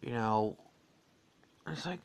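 Slow, rambling American man podcasting. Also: mid-range voice, animated, gravelly, clean tone. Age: adult. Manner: rambling, digressive, with many "uh"s and restarts. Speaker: podcast host. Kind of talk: casual solo podcast monologue.

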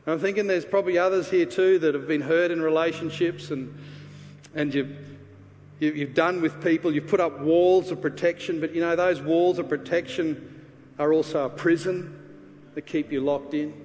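A man preaching a sermon, earnestly telling a personal story and then leading a quiet prayer. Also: fairly high pitch, slight background noise. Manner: earnest, confessional, drops to a hushed voice for prayer. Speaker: pastor. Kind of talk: sermon with personal testimony and altar call. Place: church sanctuary. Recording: reverberant church hall with faint ambience.

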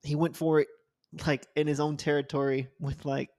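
Male podcast co-host, dry close sound, relaxed and profane. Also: on the high side, moderate pace, no room sound. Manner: laid-back, laughing, profane. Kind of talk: casual sports chat.

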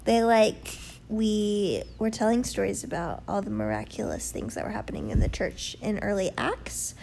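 A woman's voice: mid-range voice, vocal fry, mellow, a little hiss or hum. A young woman chatting casually and playfully, joking and giggling as she recaps a church trip. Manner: playful, giggly, quick to joke. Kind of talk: casual chat.

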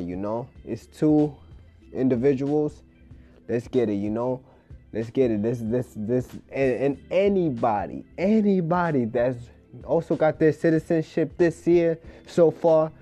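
A man's voice: medium pitch, mellow. A man hosting his first solo podcast, talking loosely in a rambling street style full of fillers, recorded on a phone app. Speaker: podcast host. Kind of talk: casual solo podcast monologue. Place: New York City.

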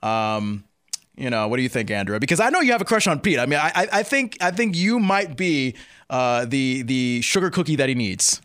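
A man's voice: mid-range voice, lively intonation, a little fast, a bit bright. A man hosting a casual celebrity gossip chat, teasing his co-host in a playful, hesitant way. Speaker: podcast host.

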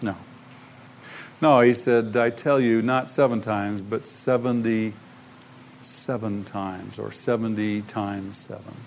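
A man preaching a sermon as pastor, retelling a parable with lively emphasis and acted-out voices. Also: lowish voice, slow pace, gravelly, slight background noise.

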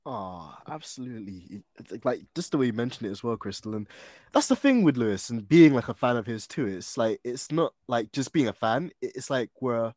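A man hosting a podcast interview, chatting effusively and often trailing off quietly at the ends of phrases. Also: medium pitch, animated, fairly quick, dry recording, clean studio sound. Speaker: podcast host. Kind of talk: casual interview chat.

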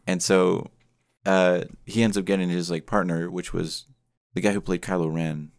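A man's voice: sits low, level tone, normal speed, creaky, no echo, studio quality. A man co-hosting a podcast, retelling a story in a rambling, hedging way. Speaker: podcast co-host. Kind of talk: casual chat.

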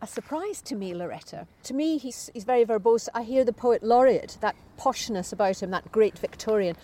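A woman presenter interviewing a guest, inquisitive and quick to laugh. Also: a little high, lively intonation, dark tone. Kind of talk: radio interview.

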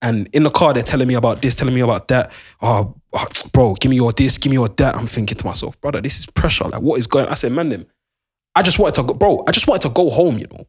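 A man's voice: mid-range voice, quick pace, a little hiss or hum. A young man, animatedly telling a long story in casual chat and using lots of slang. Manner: animated, repeats "do you understand", London slang.

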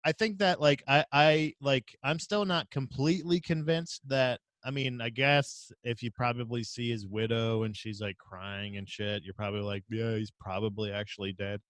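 A man's voice: mid-range voice, normal speed, few pauses, no room sound. A man co-hosting a podcast, telling rambling, profane stories in casual chat. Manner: rambling, profane, animated storytelling. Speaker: podcast co-host.

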